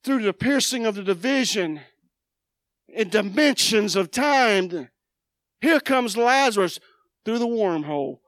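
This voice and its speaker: A woman preacher, giving a dramatic sermon, moving from loud proclaiming to quiet asides. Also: mid-range voice, expressive, a little slow, long pauses, dry recording, clean studio sound. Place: church sanctuary.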